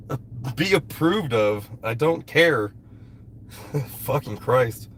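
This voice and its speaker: Sitting outside at a rural camp and battling a cold, a man talks on a live stream, swearing freely and bluntly as a commenter annoys him. He speaks a little slowly in an animated, medium-pitched, slightly bright voice, with some hiss or hum present.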